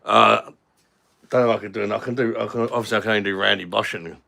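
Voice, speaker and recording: A man's voice: fairly low pitch, steady tone, fast, gravelly, sharp tone. A young Englishman hosting a casual live stream, chatting and joking with viewers as he reads their comments. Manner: chatty and jokey, swears casually.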